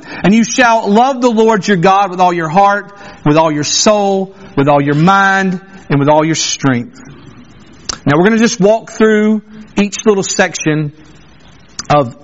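Male pastor, very high voice, unhurried sermon delivery, earnest and emphatic, muffled lo-fi sound. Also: a bit bright. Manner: earnest, emphatic, repeats phrases for weight. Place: church sanctuary.

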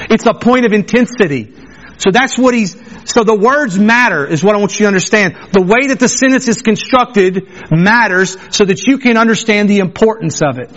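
A man's voice: high voice, a bit bright. A man preaching a sermon, reading scripture and then explaining it with emphatic repetition. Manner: emphatic, repeats phrases for stress. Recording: dull lo-fi recording.

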